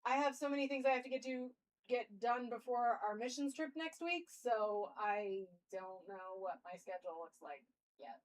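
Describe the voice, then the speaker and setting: A woman's voice: on the high side, expressive, moderate pace, rough recording. A young woman streamer musing aloud in casual live-stream chat.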